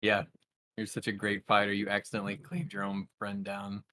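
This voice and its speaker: A man's voice: on the low side, monotone, fairly quick, bright, forceful tone, slight background noise. A man playing a tabletop game, in-character and out, with a teasing, sarcastic manner. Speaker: player. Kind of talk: tabletop role-play with table talk.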